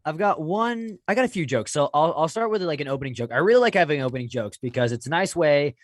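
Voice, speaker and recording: A man's voice: on the high side, expressive, fast, dry recording, clean studio sound. A young man, a comedian co-hosting a podcast, talking through his jokes casually and hesitantly with many restarts. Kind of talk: casual chat about jokes.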